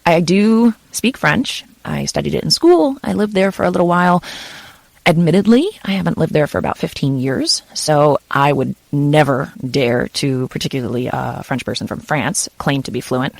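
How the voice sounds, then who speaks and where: Woman, audiobook narrator, casual interview chat, gravelly voice, lots of fillers. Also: low-pitched, expressive, moderate pace, no echo. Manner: chatty, filler-heavy with frequent "kind of" and "you know".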